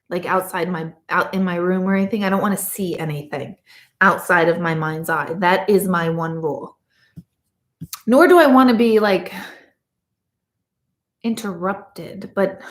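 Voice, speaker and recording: Chatty woman medium in an echoey room. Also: medium pitch. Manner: chatty, rambling storyteller with lively asides. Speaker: medium reading viewer comments. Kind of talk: casual livestream chat.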